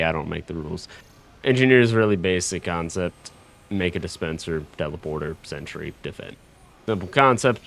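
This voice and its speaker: A man giving casual, scripted tier-list commentary on game characters, brash and profane, with joking asides and self-corrections. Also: deep voice. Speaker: gaming YouTuber.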